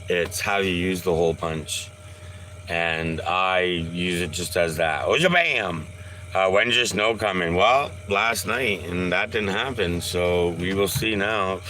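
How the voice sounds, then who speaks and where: Man, live streamer, slow easygoing talk, bright voice, faint noise behind. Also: low-pitched. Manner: slow, easygoing, talks baby-talk to his dog. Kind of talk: casual live-stream chat.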